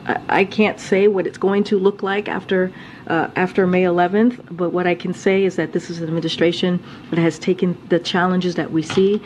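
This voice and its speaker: A woman answering at a press briefing as a government spokesperson, halting with many fillers. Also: on the low side, steady tone, a little mellow, slight background noise, rough recording.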